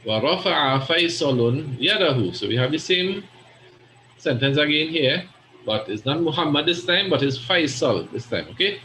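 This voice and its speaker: A man's voice: a little high, expressive, moderate pace, pushed and bright, roomy sound, slight background noise, rough recording. A man teaching an Arabic grammar class, patiently explaining and often checking understanding with "right?".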